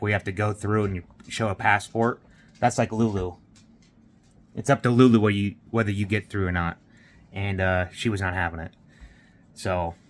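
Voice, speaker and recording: A man's voice: fairly low pitch, fairly bright tone. A man vlogging, retelling a morning story in a rambling way with lots of fillers and quoted dialogue. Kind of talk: casual vlog storytelling.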